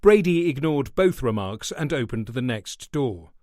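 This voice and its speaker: A man reading a thriller audiobook in a steady, measured way. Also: medium pitch, no echo, studio quality. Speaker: audiobook narrator. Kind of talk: scripted narration.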